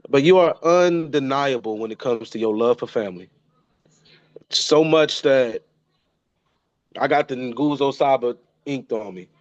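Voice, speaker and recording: A man in his thirties speaks an emotional tribute to his father, stumbling over and repeating his phrases. His voice sits at an ordinary middle pitch. The sound is dry and a little muffled. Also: a little slow, long pauses, dry recording. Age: 30s. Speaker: son paying tribute. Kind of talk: heartfelt spoken tribute.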